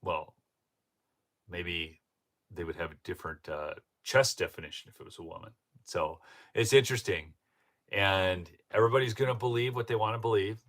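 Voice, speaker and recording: Speaking at a moderate pace, this show host has a low-sitting, somewhat bright voice. He's from northern Minnesota, running a casual commentary livestream, chatty and rambling with frequent fillers and restarts, and he laughs as he tells his stories.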